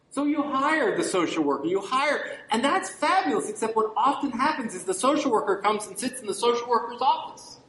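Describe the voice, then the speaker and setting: Guy giving a talk to librarians, wry and animated, super echoey room. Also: extremely high pitch, moderate pace. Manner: animated, rhetorical questions and wry asides. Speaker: keynote speaker to librarians. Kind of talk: conference lecture. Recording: very echoey hall with faint noise.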